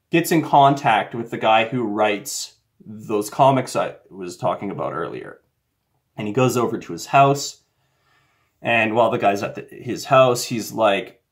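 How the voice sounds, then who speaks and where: Rambling conspiratorial man. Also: mid-range voice. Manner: rambling, conspiratorial, many fillers. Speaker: commentator. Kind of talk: casual monologue.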